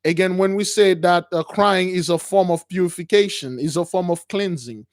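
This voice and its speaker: Male call-in host with a high voice and a dry, close sound. Emphatic, repetitive preaching style. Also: normal speed, no room sound. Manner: emphatic, repetitive, keeps addressing listeners as brothers. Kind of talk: preaching to callers.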